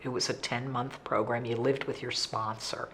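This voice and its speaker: A woman, animated and self-deprecating as she talks candidly about her past. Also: extremely low pitch, normal speed, slight background noise. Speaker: interviewee in recovery. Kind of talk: candid conversational storytelling.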